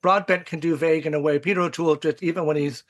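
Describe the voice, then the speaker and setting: Man guest, higher-pitched, thinks aloud, stumbles over repeats. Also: fairly even intonation. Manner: halting, repeats words as he thinks. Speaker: podcast guest. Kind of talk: casual book-club chat.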